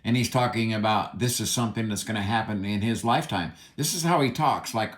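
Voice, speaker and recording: A man's voice: lowish voice, fairly quick, hardly any pauses. Angry, cursing man in an echoey room. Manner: angry, profane, emphatic. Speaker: commentator. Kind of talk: ranting solo commentary.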